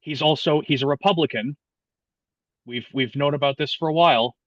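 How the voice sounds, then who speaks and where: A man's voice: on the high side, moderate pace, no room sound, muffled recording. Young man ranting with profane energy. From United States. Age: 20s. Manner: profane, animated, many restarts. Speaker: guest. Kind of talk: casual political chat.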